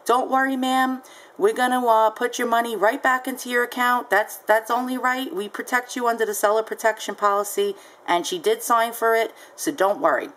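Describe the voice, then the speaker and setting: A woman's voice: fairly high pitch, fairly even intonation, moderate pace, a bit bright, pitched above the performer's own voice. A woman voicing a polite, reassuring female customer service representative. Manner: soothing, polite phone reassurance.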